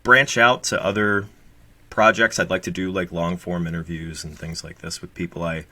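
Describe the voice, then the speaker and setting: A man's voice: low-pitched, flat delivery, normal speed, sharp tone, no room sound. Rambling, swearing man, late 30s. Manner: rambling, profane, jokey. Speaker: guest co-host. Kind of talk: casual podcast chat.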